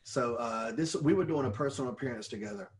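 A middle-aged man telling stories in casual chat, animated and swearing freely. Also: medium pitch, quick pace, slight background noise. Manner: animated storyteller who swears freely and laughs at his own stories. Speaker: podcast co-host and former wrestler.

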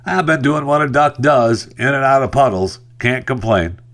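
A man's voice: mid-range voice, expressive, moderate pace, a bit bright, voice pushed up. Man doing raised voice, cheerful joke duck, contented, sing-song. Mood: cheery. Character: cheerful male cartoon duck in a bar joke.

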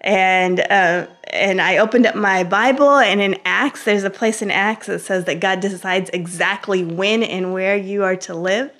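A woman as an interview guest, telling her story in an animated, conversational way with frequent laughter, fillers and restarts. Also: medium pitch, unhurried, few pauses. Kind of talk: conversational personal testimony.

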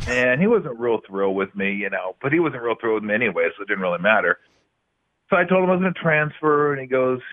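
A middle-aged man trades laugh-filled stories as a guest on a talk show. His voice sits at an ordinary pitch. It comes through a narrow, tinny phone-style line, as if he is calling in remotely. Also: quick pace. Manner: animated, laughing anecdotes. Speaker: guest, former basketball player. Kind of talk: casual storytelling interview.

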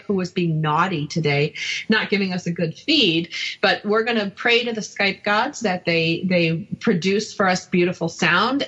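Woman host telling a lively story. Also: medium pitch, slightly rough, muffled recording. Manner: storytelling, acts out quoted voices. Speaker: radio show host. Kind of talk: casual radio chat.

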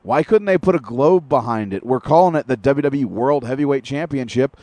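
Man, radio co-host, casual profane rant, mid pitch, dry studio sound. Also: fairly quick, mellow, dry recording. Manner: ranting, profane, detailed recaps. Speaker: podcast co-host. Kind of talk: casual wrestling talk.

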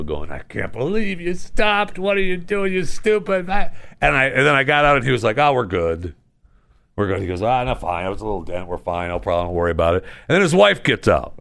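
Animated, gravelly-voiced male radio host. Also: mid-range voice, dry recording, studio quality. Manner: animated storytelling, chuckling. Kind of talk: talk radio monologue.

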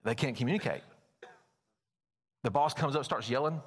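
A man's voice: medium pitch, normal speed, husky. A man preaching a sermon as pastor, folksy and telling stories. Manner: folksy, storytelling, animated at times. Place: church sanctuary. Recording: long church reverb.

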